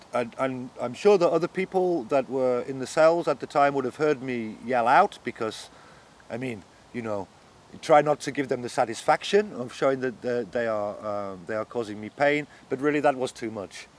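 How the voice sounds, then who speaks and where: A man's voice: medium pitch, animated, normal speed. A man being interviewed, giving an earnest and shaken first-person account of his arrest, growing agitated as he goes on. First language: not German.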